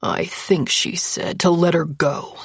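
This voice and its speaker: A protective stranger with a deep, calm voice, quietly firm and unhurried, as a woman reads him. Slow, husky and dry, recorded close. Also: no echo, heavily acted.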